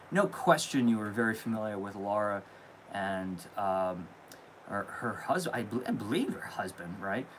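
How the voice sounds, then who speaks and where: A man's voice: on the low side, a little hiss or hum, poor audio. A young man hosting a casual live stream, opening viewer mail and gushing with thanks. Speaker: candle channel host.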